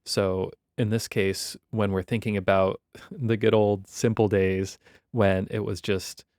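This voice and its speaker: Male university lecturer, gravelly, relaxed and wry, dry close recording. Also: on the low side, unhurried, no echo. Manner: wry, conversational explaining.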